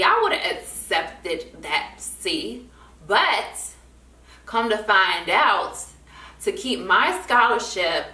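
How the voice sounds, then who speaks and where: A young woman vlogger telling a story in a casual chat, acting out the people she quotes. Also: medium pitch. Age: young adult. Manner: animated, acts out quoted people in different voices. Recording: echoey room, voice from a distance.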